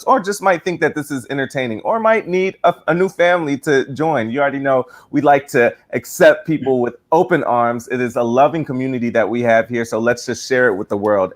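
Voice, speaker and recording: A man co-hosting a live-stream show, upbeat and instructive as he tells viewers directly what to do. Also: medium pitch. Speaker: co-host. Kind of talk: live-stream promo explanation.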